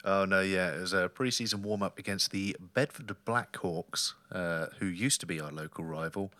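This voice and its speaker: Male podcast host, wry storyteller; low voice, bright tone, dry sound. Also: moderate pace, no room sound. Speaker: podcast host, flag football player. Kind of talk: casual chat.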